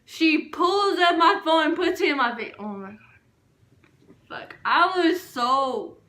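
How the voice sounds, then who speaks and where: A young woman casually telling a storytime vlog, animated and full of filler words. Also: high-pitched, unhurried, reverberant. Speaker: vlogger.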